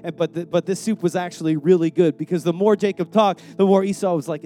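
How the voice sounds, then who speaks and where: A man's voice: high-pitched, quick pace, few pauses, dark tone. A young adult male preacher giving a sermon in a conversational, slangy way, often repeating words.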